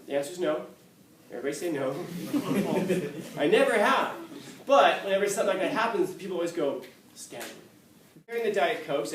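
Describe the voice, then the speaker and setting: Guy teacher telling a story to his class, acts out the voices, bit of room hiss. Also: high voice. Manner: animated storytelling, acts out quotes, laughs often. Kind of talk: classroom lecture with anecdotes. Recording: echoey classroom from a distance.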